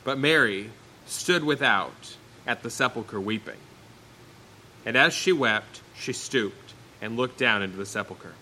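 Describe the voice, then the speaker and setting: A man preaching to a congregation with a bright, ringing voice. He reads scripture aloud in old wording, then retells it in plain speech. His voice climbs high and loud, then falls low and quiet. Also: lively intonation, a little slow, slight background noise, poor audio. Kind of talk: sermon.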